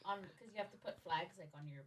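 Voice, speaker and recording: A woman's voice: lowish voice, fast talker, a bit bright. A woman in a casual podcast chat who chimes in briefly with reactions and short remarks.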